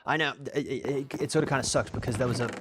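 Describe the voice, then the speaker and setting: A man's voice: mid-range voice, quick pace, noisy background. An Australian man streaming a game and chatting casually, rambling and restarting his sentences as he answers chat. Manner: reads out and answers chat questions. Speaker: live streamer.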